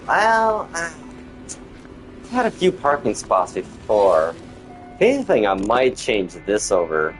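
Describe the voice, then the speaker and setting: A gaming streamer with a lowish voice chats casually with viewers while he plays, rambling and grumbling about the game's quirks, all on a low-quality recording.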